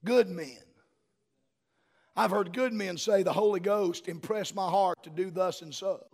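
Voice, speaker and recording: A middle-aged man, preaching a sermon as a pastor and building to fervent shouting. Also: high voice, unhurried.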